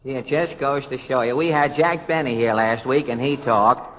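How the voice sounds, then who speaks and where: A man's voice: medium pitch, moderate pace. A man hosting a live radio variety show, introducing guests with wry, joking banter, heard on a dull old broadcast recording. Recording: dull old radio broadcast with faint hiss and long reverb.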